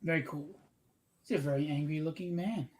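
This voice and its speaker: A man with a notably high speaking voice hosts a live drawing stream in easy, chatty fashion. He banters and cracks jokes, drifting off on tangents before circling back to plug his project. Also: a little fast, a little hiss or hum. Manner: chatty, joking, promotes his book between tangents. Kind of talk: casual live-stream chat.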